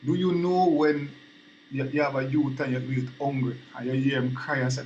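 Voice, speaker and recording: A man's voice: mid-range voice, flat delivery, normal speed, darkish tone, highs cut off, a little hiss or hum. A young man with a Jamaican accent giving his opinion in a casual monologue, earnest and repetitive, often asking if you understand him. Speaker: vlogger.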